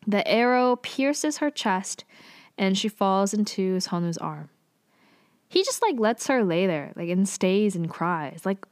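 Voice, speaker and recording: A young woman casually recapping a TV drama, chatty and full of fillers and quick asides. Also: mid-range voice, animated, dry recording, studio quality.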